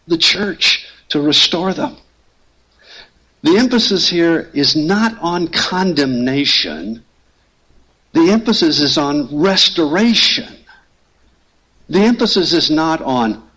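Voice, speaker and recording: A man's voice: fairly high pitch, fairly bright tone, poor audio. A man preaching a sermon as pastor, earnest and emphatic, hammering home key phrases through repetition.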